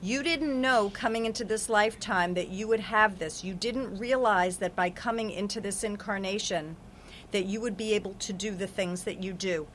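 A woman's voice: mid-range voice, normal speed, slight background noise. Earnest woman giving a spiritual reading. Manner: earnest, affirming, repetitive. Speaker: psychic reader.

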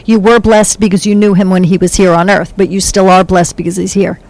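A woman working as a psychic medium, talking in a gentle, soothing way with a rambling flow in a studio. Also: mid-range voice, little pitch movement, brisk, poor audio. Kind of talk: spiritual reading, casual chat.

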